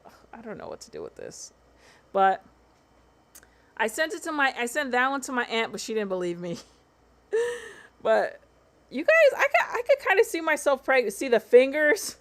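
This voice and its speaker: A woman's voice: high-pitched, huge pitch swings, moderate pace, pauses often. A woman hosting a casual livestream, talking in a chatty, slangy way and swearing freely. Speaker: livestream host.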